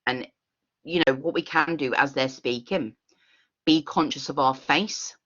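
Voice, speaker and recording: A woman leading an online workshop, talking in an expressive, earnest way over a video call. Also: low-pitched, dull audio. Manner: expressive, earnest, with quick laughs. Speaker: workshop facilitator.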